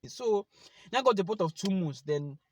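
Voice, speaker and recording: A young man with a Nigerian accent gives a personal testimony to camera, animated and speaking straight to his viewers. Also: sits high, moderate pace. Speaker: vlogger.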